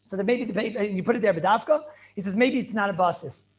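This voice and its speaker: High-pitched and quick, the man's voice leads an animated Torah lecture as a rabbi teaching Talmud over video call. He repeats himself with emphasis and sprinkles Hebrew and Yiddish terms throughout his English.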